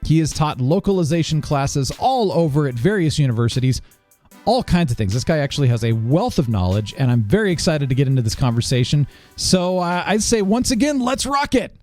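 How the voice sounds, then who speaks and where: A man's voice: a little high, very animated, a little fast, darkish tone, soft background music. A man hosting a podcast interview in a casual, upbeat and enthusiastic way, laughing often. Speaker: podcast host.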